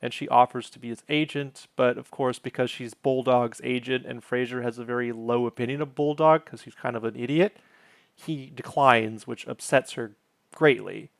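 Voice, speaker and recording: A man's voice: medium pitch, steady tone, moderate pace, vocal fry, dry recording, clean studio sound. A man hosting his own channel, casually recapping a sitcom episode, wandering off on tangents and correcting himself as he goes.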